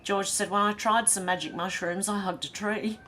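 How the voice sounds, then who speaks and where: A woman's voice: medium pitch, fairly even intonation, moderate pace, sharp tone, slight background noise. A middle-aged Australian woman hosting a casual livestream, reading viewer comments aloud with giggly, chatty asides. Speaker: livestream host.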